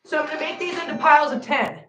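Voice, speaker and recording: A woman's voice: quick pace, a bit bright. Chatty woman talking to her cats. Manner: chatty, scolds the cats in a high playful voice. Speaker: cat channel host. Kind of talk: livestream chat while counting cat treats. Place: room at home. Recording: echoey room, voice from afar, faint noise.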